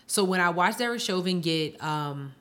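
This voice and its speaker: Woman cohost on a podcast, kinda low voice, fed up and emphatic, says stuff over and over. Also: animated, moderate pace, fairly bright tone. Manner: exasperated, emphatic, repeats herself. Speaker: podcast co-host. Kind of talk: casual chat.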